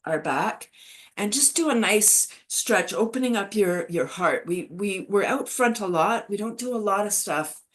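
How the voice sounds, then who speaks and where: A woman's voice: medium pitch, expressive, measured pace. Upbeat woman leading laughter yoga. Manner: upbeat, chatty, laughs often while explaining. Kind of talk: guided exercise class.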